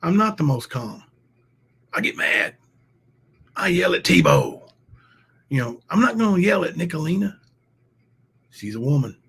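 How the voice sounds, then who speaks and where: A man's voice: on the high side, wildly swooping pitch, unhurried, pauses often, fairly bright tone, breathy edge. A man hosting a casual livestream, thanking viewers and ranting heatedly. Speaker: livestream host.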